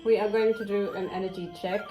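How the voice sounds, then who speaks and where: A woman's voice: medium pitch, steady tone, fairly quick, dull audio. A woman giving a spiritual tarot and astrology reading to her viewers, rambling from thought to thought with frequent hesitations. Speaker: tarot reader. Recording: echoey room with music behind.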